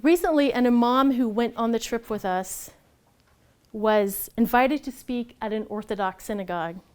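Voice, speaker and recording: Animated woman telling a story. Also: fairly high pitch, moderate pace, smooth. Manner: animated, acts out quoted voices, laughs easily. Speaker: speaker at a storytelling event. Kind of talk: personal storytelling talk.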